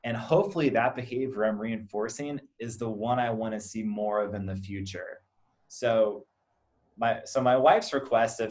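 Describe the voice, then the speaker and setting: A man's voice: lowish voice, normal speed, darkish tone. A man in his thirties, a behavior analyst, talking casually in an interview and explaining his work through acted-out everyday examples, often checking in with "right?". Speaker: behavior analyst, clinic co-owner.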